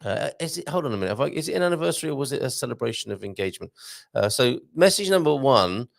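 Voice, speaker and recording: A man hosts a live chat and talks casually. His pitch sits in the middle, but it swings widely as he reacts to each comment. His voice has a gravelly edge, and the sound is dry and close. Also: sing-song, fast talker, dry recording. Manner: chatty, jokey, reads messages aloud with asides. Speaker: livestream host reading viewer comments.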